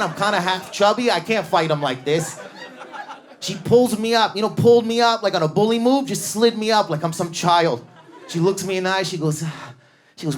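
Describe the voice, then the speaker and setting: A man in his thirties doing an animated stand-up comedy set on a club stage, telling stories with bursts of energy and acted-out voices. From Canada. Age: 30s. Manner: high-energy, animated storytelling with sudden volume swings and acted-out voices.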